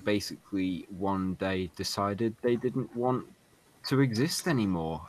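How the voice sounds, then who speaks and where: A man's voice: on the low side, unhurried, poor audio. A man co-hosting a casual group podcast over voice chat, rambling through an explanation with many fillers. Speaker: podcast co-host.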